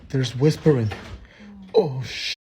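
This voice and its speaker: A frightened man talks low and shakily into his phone camera at home in the middle of the night, swearing under his breath. His voice sits at an ordinary middle pitch, and a steady hiss runs under the phone recording. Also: takes it slowly. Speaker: vlogger filming at night. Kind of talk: scared handheld night vlog. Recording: noisy phone video recording.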